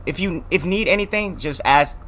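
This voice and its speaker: A man voicing a slow-talking adult male motel worker from a horror game, low and drawn-out with an oddly calm manner. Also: close to an everyday voice. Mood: flat calm.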